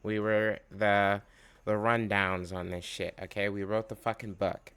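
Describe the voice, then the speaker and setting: A man's voice: lowish voice, level tone, unhurried, a bit bright, smooth. A man giving casual, rambling commentary, swearing often as he rants while reacting to a video. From United States. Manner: profane, rambling, fired up.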